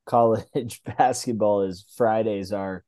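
Co-host, man with a low, dark voice, relaxed and dry-sounding. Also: slow, dry recording. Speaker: podcast co-host. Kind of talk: casual chat.

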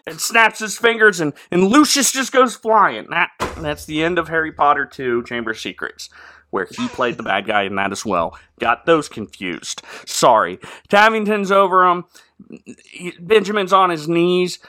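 A man's voice: a little high, expressive, moderate pace, sharp tone, a little hiss or hum. A man hosting a casual comedy podcast, rambling sarcastically through a movie recap with fillers and sound effects. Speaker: podcast host.

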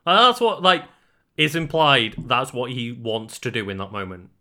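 Laid-back guy chatting, bright tense voice. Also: medium pitch, animated, normal speed. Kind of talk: casual chat.

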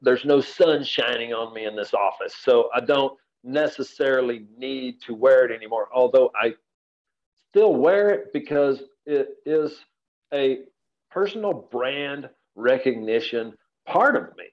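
A man's voice: medium pitch, animated, measured pace, dull audio. A man from Central Texas, a rancher guest on a podcast, talking in an earnest, folksy, rambling way from his office. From Central Texas, USA. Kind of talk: relaxed podcast conversation.

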